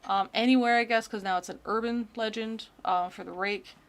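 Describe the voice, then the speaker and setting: A woman's voice: on the high side, steady tone, brisk. A woman streamer chatting casually and joking as she reacts to creepy videos. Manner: chatty, joking, rambling asides.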